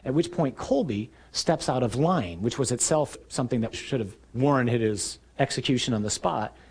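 A man preaching a sermon, telling the story with energy and acting out shouted lines in the scenes. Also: mid-range voice, lively intonation, normal speed, slightly rough.

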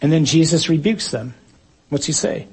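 A male preacher delivering a sermon in a somewhat high, husky voice. He muses quietly, then breaks into dramatic loud bursts. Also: lively intonation, normal speed.

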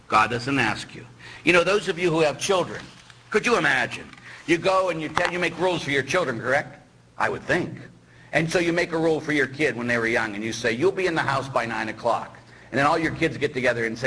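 A middle-aged male priest giving a lively sermon, teasing and quizzing his congregation. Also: a little high, a little fast, slight background noise, rough recording. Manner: animated, teasing, asks the audience questions.

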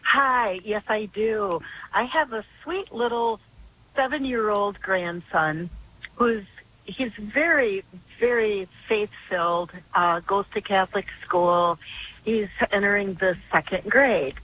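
An older woman calls in by phone and talks through her story in a chatty, earnest way. Her voice is bright and clear, with some stops and restarts. A faint hiss sits under the line. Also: medium pitch, slow pace, rough recording. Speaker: caller. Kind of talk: call-in radio chat.

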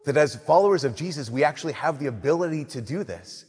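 Young man, Catholic priest, earnest homily, husky tone, long church reverb. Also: on the high side, animated, quick pace. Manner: earnest, conversational, drops to soft emphasis.

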